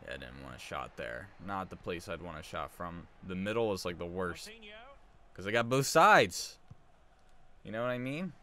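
A man's voice: low-pitched, lively intonation, a little fast, hardly any pauses, a bit bright. A man hosting a gaming video, chatting casually with viewers while he plays. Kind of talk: casual gameplay commentary.

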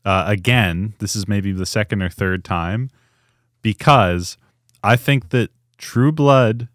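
A man co-hosting a podcast in casual chat, animated and laughing, now and then mimicking characters. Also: lowish voice, slow, no echo, studio quality. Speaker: podcast co-host.

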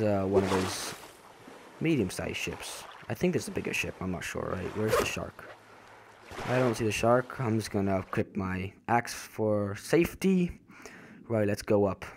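A young man casually narrating a survival game as he plays, stumbling over and repeating his words, then jumping at sudden scares. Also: on the low side. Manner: jumpy reactions to in-game scares. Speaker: gaming channel host. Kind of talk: casual let's-play commentary. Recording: voice over noisy game sound.

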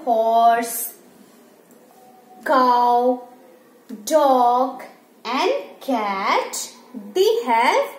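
A woman teacher going over animals with young children, asking questions, answering them herself and imitating animal sounds. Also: sits high. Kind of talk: slow classroom revision for young children. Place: school classroom. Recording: echoey room with faint ambient noise.

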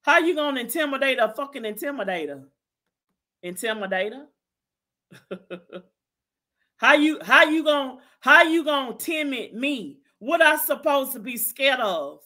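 A woman's voice: high-pitched, animated, a little slow, long pauses, bright, forceful tone. A woman hosting a live stream, ranting in a brash, profane way and laughing as she goes. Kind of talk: heated live-stream rant.

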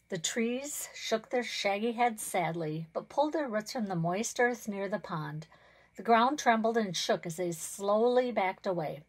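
A woman's voice: mid-range voice, low-quality recording. Give me a woman author reading a children's story aloud. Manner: expressive, measured storytelling.

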